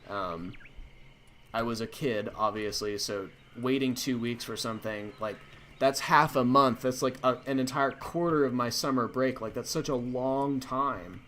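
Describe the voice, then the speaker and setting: A man's voice: mid-range voice, unhurried, sharp tone, a little hiss or hum. A man hosting a stream, telling a story in a casual, rambling way with many fillers and restarts. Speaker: stream host.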